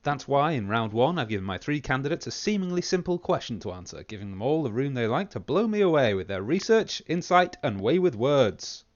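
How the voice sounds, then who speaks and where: A man hosting a comedy panel podcast, reading scripted links in a wry, deadpan way. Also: medium pitch, fairly quick, hardly any pauses, dry recording, lo-fi sound. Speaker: host.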